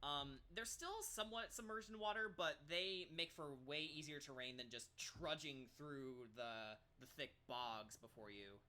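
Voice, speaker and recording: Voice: mid-range voice, unhurried, hardly any pauses, bright, forceful tone. A game master narrating a tabletop game, rambling with many ums and little laughs.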